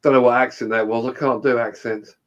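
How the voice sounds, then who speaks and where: A man's voice: mid-range voice, steady tone, fairly quick, dull audio. A man on a livestream, blunt, swearing and joking with the others. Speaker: livestream guest. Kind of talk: casual chat.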